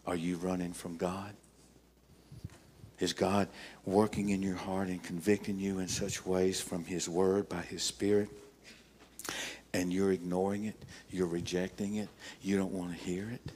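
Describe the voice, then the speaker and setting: An older man preaching a sermon as pastor, emphatic, telling stories with dramatic pauses. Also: deep voice, little pitch movement, a little mellow, slight background noise.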